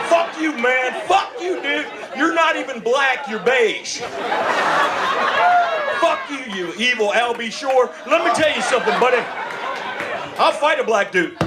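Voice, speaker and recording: A man's voice: very high-pitched, very animated, normal speed, very noisy. A man doing a stand-up comedy set on a club stage, brash and profane, slipping into mocking voices. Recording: live club with loud crowd laughter.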